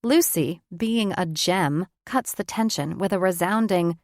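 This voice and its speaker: A woman's voice: lowish voice, measured pace, hardly any pauses, darkish tone, dry recording. A woman reads a first-person audiobook in a reflective, conversational way, close to the mic. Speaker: audiobook narrator.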